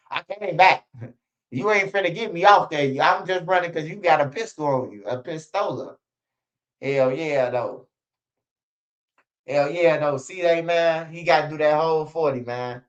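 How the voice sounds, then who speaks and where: A man tells street stories in a loose, profane monologue. He is animated and acts out other people's lines as he goes. His voice sits fairly high, and the recording sounds dull and lo-fi. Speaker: street news blogger. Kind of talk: casual storytelling monologue.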